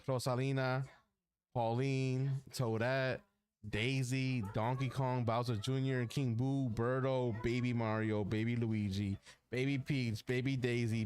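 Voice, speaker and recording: Casting: laid-back podcast co-host, mid-pitched voice, plain delivery. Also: male voice, a little mellow. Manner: reads a long list, stumbles over names. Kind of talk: casual gaming chat.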